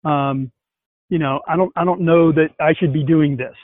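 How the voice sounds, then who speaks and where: A man with a fairly high voice tells a story with animated enthusiasm. The video call makes him sound tinny and narrow. There is no room echo and the sound stays close and dry. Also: normal speed. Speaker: host. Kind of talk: casual conversation.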